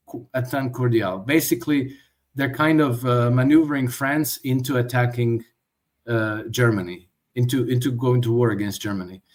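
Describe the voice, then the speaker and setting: A man talks through his answers as an interview guest. His pitch sits in the middle of the male range, and he often stumbles and restarts his sentences as he thinks aloud. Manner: thoughtful, with frequent restarts and stammers. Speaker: guest commentator. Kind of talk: conversational interview.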